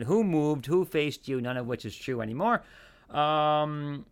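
A man's voice: on the high side, animated, a little slow, clean tone. A man hosting a podcast, talking in a casual, rambling way with lots of restarts and asides. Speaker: podcast host.

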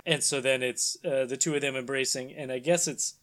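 A man's voice: mid-range voice, steady tone, fairly quick, loud music behind the voice. A man hosting and narrating a vintage horror comic aloud, with chatty, chuckling asides. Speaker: host and narrator.

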